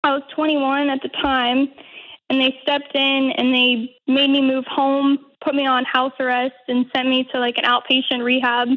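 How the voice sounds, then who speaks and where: High-voiced hesitant young woman caller. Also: flat delivery, moderate pace, phone-quality sound. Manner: hesitant, nervous laughs, many fillers. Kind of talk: phone-in call.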